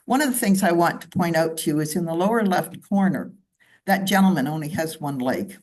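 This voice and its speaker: In a deep, dark, expressive voice, a woman from Canada briskly walks a club meeting through her slides. She speaks conversationally and keeps adding asides and side remarks.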